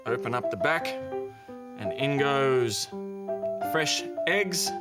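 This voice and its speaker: Australian male kids' presenter, unhurried, clear, playful storyteller, music under. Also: medium pitch, lively intonation. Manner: clear, simple and playful, makes animal and car noises. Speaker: children's TV presenter. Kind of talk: slow, gentle storytelling narration for young children.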